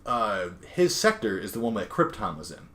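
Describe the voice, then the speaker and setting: Low-voiced man casually recapping a comic. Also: sing-song, normal speed, fairly bright tone. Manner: rambling, filler-heavy retelling with quoted dialogue. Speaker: podcast co-host recapping a comic. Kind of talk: casual chat.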